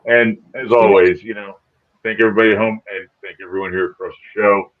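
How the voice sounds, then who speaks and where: Upbeat low-voiced man hosting a show. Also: fairly even intonation, brisk, phone-quality sound. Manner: upbeat, rambling with restarts. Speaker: podcast host. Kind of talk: casual live-show chat.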